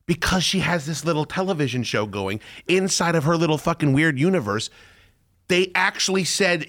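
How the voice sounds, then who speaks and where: A man hosting a podcast in casual chat, excitable and profane, often breaking into loud shouting. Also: high-pitched, moderate pace. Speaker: podcast host.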